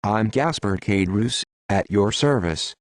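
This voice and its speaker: A man's voice: lowish voice, lively intonation, measured pace, no room sound. A man reading the lines of a poor, bitter, self-pitying innkeeper in an audiobook. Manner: complaining, sighing talk.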